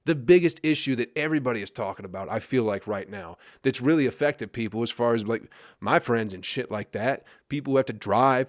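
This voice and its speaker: A man's voice: medium pitch, no echo, studio quality. Profane ranting male podcast host. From Flint, Michigan. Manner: swears constantly, asks "you know what I mean, people?".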